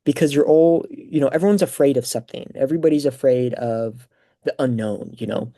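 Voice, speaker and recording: A man's voice: medium pitch, fairly quick. A young man hosting a podcast, telling a personal story in a casual, rambling way full of fillers. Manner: rambling, filler-heavy, animated retelling. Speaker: podcast host.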